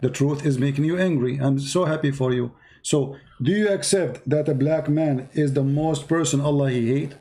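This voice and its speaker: A man leads a heated call-in debate, pressing his caller again and again. His voice sits a little high but sounds dark and mellow. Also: moderate pace, few pauses. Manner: insistent, challenging, repeats phrases.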